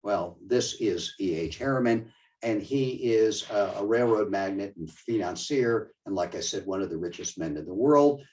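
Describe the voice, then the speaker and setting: An older man giving a conversational, digressive museum talk with slides, often halting mid-sentence. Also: lowish voice, animated, darkish tone, distant mic, low-quality recording. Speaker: museum lecturer. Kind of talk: slide-show history talk.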